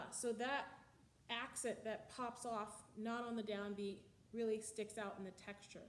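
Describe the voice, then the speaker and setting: A woman's voice: a little high, unhurried, background noise. Woman lecturing in an echoey room. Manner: explanatory, with frequent ums and sung counting of beats. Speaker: music history teacher. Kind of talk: recorded slide lecture.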